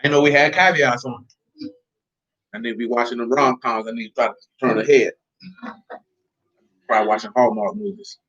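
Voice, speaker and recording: A man's voice: mid-range voice, steady tone, moderate pace, pauses often, fairly bright tone, lo-fi sound. A man preaching in a loose, conversational way, joking and talking straight to his congregation. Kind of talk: conversational sermon.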